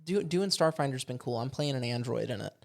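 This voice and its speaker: A man's voice: medium pitch, animated, a little fast, creaky. A man co-hosting a casual gaming podcast, talking with enthusiasm and swearing freely. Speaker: podcast co-host. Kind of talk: casual chat.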